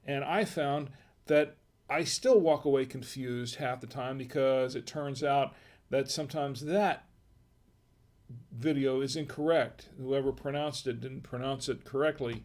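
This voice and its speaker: A man hosting a live-stream wine tasting, chatting casually in a rambling, halting way with self-deprecating humor. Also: medium pitch, darkish tone.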